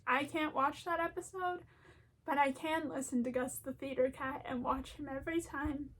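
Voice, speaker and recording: A young woman with a high, light voice talks in a loose, rambling way. She stays chatty and animated and laughs often as she goes. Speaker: video essayist. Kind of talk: rambling casual commentary.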